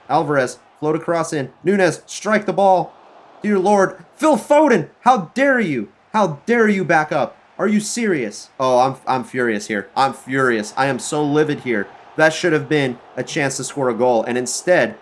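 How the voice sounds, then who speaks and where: A man commentating his football video game career mode, excitable and swinging between groans and outbursts at his players. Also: mid-range voice. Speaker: gaming YouTuber.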